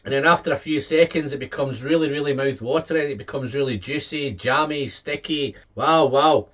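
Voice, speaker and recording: A man giving a casual whisky tasting review, excitable and quick to exclaim, reeling off tasting notes and repeating his words. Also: mid-range voice, muffled recording.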